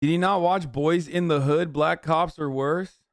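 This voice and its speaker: A man's voice: fairly high pitch, steady tone, a little slow, dry recording, studio quality. A man streaming a reaction video, ranting profanely at his chat.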